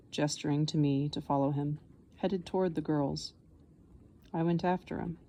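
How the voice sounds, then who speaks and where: A woman narrates an audiobook with a measured, steady delivery. Her voice is low and mellow, soft at the edges. She reads at an even, unhurried pace.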